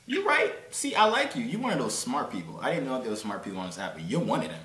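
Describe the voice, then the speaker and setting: A man's voice: medium pitch, sing-song, fast talker, pushed and bright. A young man in his twenties, a YouTuber chatting and joking playfully with strangers on a video call. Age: 20s. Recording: roomy echoey sound.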